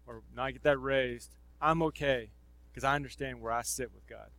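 A man preaching a sermon in a casual, conversational way with slang, swinging between loud emphasis and near-murmured asides. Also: medium pitch, no echo, low-quality recording.

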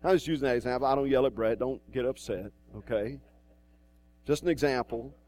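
A man's voice: mid-range voice, brisk, darkish tone. A male pastor preaching a sermon in a church, in a conversational way with asides and restarts.

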